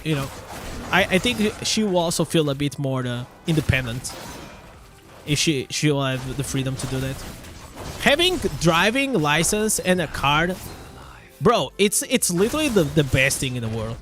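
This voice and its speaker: A man's voice: a little high, sing-song, moderate pace, a bit bright, soft background music. A young man with a Portuguese accent chatting casually on a live stream, often restarting his words and swearing now and then.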